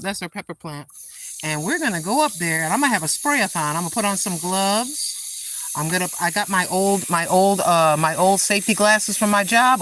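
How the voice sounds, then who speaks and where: An older woman chats away to her viewers from an outdoor garden, speaking into a phone she holds in her hand. She sounds tired, yet her voice is bright and forceful, and she keeps talking to herself and calling herself Granny. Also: fairly low pitch, moderate pace, slight background noise. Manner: chatty, self-talking, calls herself Granny. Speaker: vlogger. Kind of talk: casual chat to viewers. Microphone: handheld phone camera.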